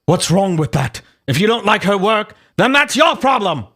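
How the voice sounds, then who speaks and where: A man's voice: high-pitched, big pitch swings, normal speed, pitched above the performer's own voice, full character voice. A man reading a hot-headed British man's posts in a put-on British accent, furious and insulting. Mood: indignant. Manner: indignant, shouting insults.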